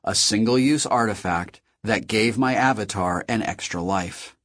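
A man with a low, husky voice reads a first-person novel aloud. His reading is steady and measured. The recording is close and dry, with no room sound. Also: dry recording. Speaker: audiobook narrator.

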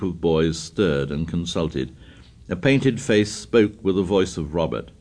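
Lower-voiced man narrating a novel. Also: takes it slowly, darkish tone. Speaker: audiobook narrator. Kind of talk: scripted narration.

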